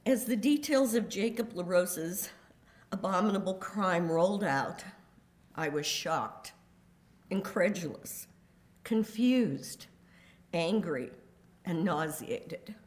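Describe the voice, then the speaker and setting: An older woman reading a prepared statement in a courtroom, grave and deliberate, with measured emphasis on each word. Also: lowish voice, expressive. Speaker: victim's daughter giving a statement.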